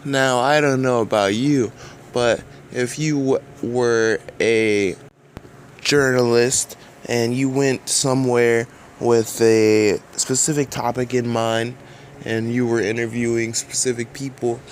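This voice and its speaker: A man's voice: mid-range voice, fairly even intonation, slow, a little hiss or hum. A man giving casual, rambling commentary over game footage in a dry, drowsy way. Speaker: gaming video creator.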